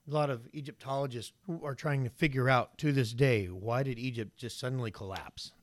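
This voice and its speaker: A man preaching a casual sermon, telling Bible stories in an animated way with casual slang. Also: mid-range voice, no echo, clean studio sound.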